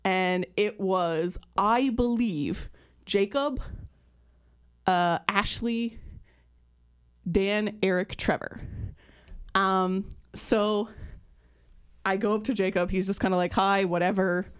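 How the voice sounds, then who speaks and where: With a clean, mid-range voice, she speaks slowly and leaves long pauses. The woman, in her thirties and co-hosting a podcast, animates her casual story by mimicking the people she describes.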